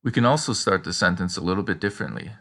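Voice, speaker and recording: Male teacher for a scripted lesson, bright and forceful tone, slows down for the examples. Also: low voice, lively intonation. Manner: prompting the listener with questions and pauses. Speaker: language teacher.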